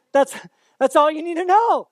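A man's voice: very high-pitched, expressive, measured pace, no room sound. A man pastor giving a casual, conversational sermon with playful asides, often acting out quoted voices in exaggerated tones.

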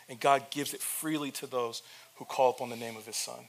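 A pastor preaching, retelling the story with humor and speaking directly to the church. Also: male voice, mid-range voice, fairly even intonation, a little fast, gravelly. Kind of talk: sermon.

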